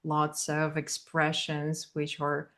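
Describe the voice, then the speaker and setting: Lady hosting, slow and lowish voice, picks words carefully. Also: monotone, a bit bright. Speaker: host, English teacher. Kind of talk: casual interview chat.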